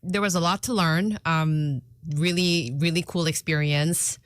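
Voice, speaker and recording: A woman's voice: low-pitched, dry recording. Woman co-hosting radio, takes her time, dry little jokes, very dry close sound. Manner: relaxed, unhurried, dry quips. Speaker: radio co-host. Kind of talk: casual morning radio banter. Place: radio studio.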